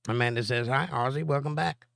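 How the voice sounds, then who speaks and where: A man's voice: medium pitch, a little fast, gravelly, fairly bright tone, no room sound, clean studio sound. A middle-aged man, hosting a live stream and reading viewer comments aloud with a joking, chatty manner. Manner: joking, chatty, answers chat directly.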